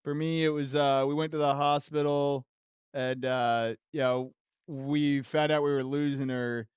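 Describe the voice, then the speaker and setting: A man's voice: medium pitch, little pitch movement, a little slow, clear, resonant tone, no room sound, dull audio. A man streaming a game and chatting casually with viewers, laid-back and laughing often between his thoughts.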